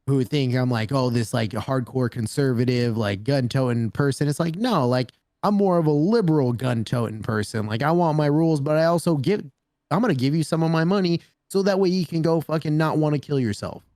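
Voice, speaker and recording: A man's voice: a little high, a little fast, dry recording. A man chats on a podcast mic, telling stories loosely and swearing freely. The sound is bone-dry and close, with nothing of the room around him. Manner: animated storyteller, swears freely, says "bro" a lot. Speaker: podcast co-host. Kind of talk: casual chat.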